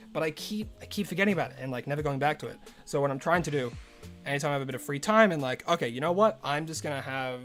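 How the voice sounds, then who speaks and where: A male streamer chatting casually on a live stream, rambling and loose, full of "like" and restarts, with soft game music behind him. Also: a little high.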